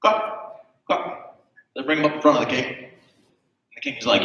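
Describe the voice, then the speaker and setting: A man telling a long joke on stage, acting out the characters' lines loudly. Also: fairly high pitch, moderate pace, creaky, long pauses, lo-fi sound. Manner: animated storyteller, acts out character lines loudly. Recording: echoey hall from far off.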